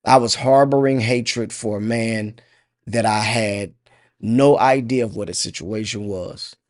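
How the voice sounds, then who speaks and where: A middle-aged man hosting a podcast and sharing a personal testimony, earnest and reflective, halting often with fillers. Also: on the low side, a little mellow, no echo, studio quality. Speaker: podcast host.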